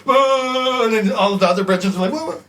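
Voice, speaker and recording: Racing through his stories, a music producer guest speaks in a high, bright voice over faint background noise. He laughs, stays animated, and acts out scratches and vocal parts in a casual chat picked up by a distant mic.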